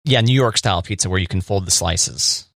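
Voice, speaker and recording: A man's voice: low-pitched, a little fast, gravelly, a bit bright, no echo, studio quality. Playful man co-hosting a radio show. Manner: playful, teasing quiz-style questions. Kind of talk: casual banter.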